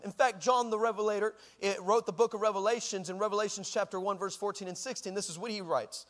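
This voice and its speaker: A man's voice: high-pitched, fast, hardly any pauses, big-room sound. A man with a Texan accent preaching a sermon, telling a comic story and often asking the congregation if they are with him. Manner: animated, shouting at punchlines, conversational asides to the congregation. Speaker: pastor.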